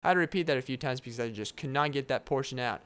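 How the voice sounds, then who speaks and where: A man's voice: mid-range voice, racing, a bit bright, clean tone. A young man hosting a casual solo podcast late at night, rambling, joking and breaking into laughs. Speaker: podcast host. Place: home at night, downstairs apartment.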